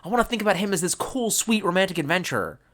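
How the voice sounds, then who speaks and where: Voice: mid-range voice, lively intonation, racing, fairly bright tone. A tipsy livestream host rambling casually from a desk at home, loose and heavy on swearing. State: tipsy from drinking. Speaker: livestream host reading chat. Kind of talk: casual rambling live chat.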